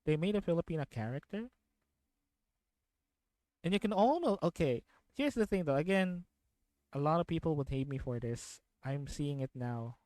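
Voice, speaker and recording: A man's voice: on the high side, lively intonation, normal speed, long pauses, a little mellow, no echo. A man chatting casually on a live stream, rambling, repeating himself and laughing often.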